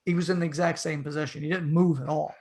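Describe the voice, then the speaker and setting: A middle-aged man telling a story in a casual podcast chat, his voice jumping up and getting loud whenever he quotes himself. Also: on the high side, quick pace. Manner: animated storyteller, voice rises sharply when quoting himself. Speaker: podcast co-host.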